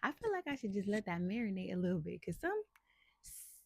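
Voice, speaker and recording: A woman's voice: medium pitch, big pitch swings, a little fast, vocal fry, slightly rough, dry recording. A woman hosting a casual Bible devotional, talking to listeners in a chatty, playful and encouraging way. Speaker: host of a faith devotional channel.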